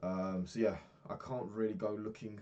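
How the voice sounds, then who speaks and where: Young British man, deep low voice, rambling vlogger who swears and loses track. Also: flat delivery, normal speed, mellow, highs cut off. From United Kingdom. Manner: rambling, swears often, loses his thread. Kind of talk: casual diary vlog.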